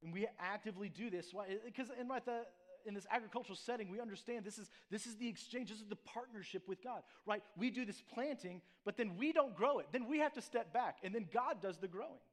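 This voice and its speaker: A man's voice: high-pitched, fast talker, hardly any pauses. A man preaching a sermon as a church pastor, in a conversational manner with frequent asides and restarts.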